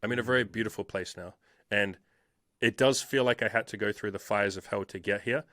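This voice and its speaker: A man's voice: fairly low pitch, a little fast, a bit bright, no echo, clean studio sound. Blunt, swearing man in his thirties. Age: 30s. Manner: blunt, heavy swearing, emphatic. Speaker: interview guest, dating coach. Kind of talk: candid personal storytelling.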